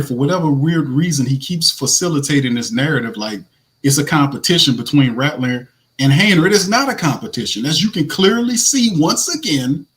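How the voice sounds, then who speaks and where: A man with a naturally raspy voice hosting casual live fan commentary, animated, blunt and slangy, laughing often. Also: mid-range voice. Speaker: host.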